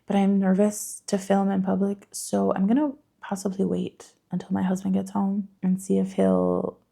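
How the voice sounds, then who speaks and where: A woman's voice: mid-range voice, expressive, normal speed, creaky, mellow. A woman chatting to camera in a casual, rambling vlog, laughing often and swearing casually. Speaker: book vlogger.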